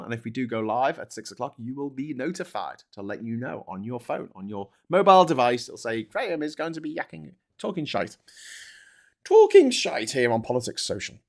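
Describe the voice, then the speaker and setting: A man hosting a live stream, chatting casually, joking, swearing freely and reading out viewer comments. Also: mid-range voice. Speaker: livestream host.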